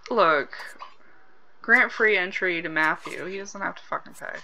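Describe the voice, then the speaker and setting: A woman's voice: on the low side, unhurried, bright, forceful tone, a little hiss or hum, poor audio. A woman hosting a game let's play, chatting casually, swearing freely and reacting aloud to what happens on screen. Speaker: gaming channel host.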